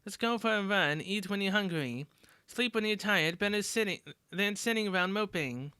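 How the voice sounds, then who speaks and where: A woman voicing a gruff, blunt teenage girl fighter who talks crudely and swears casually. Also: mid-range voice, moderate pace, sharp tone, no room sound, studio quality, lightly acted. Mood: earnest.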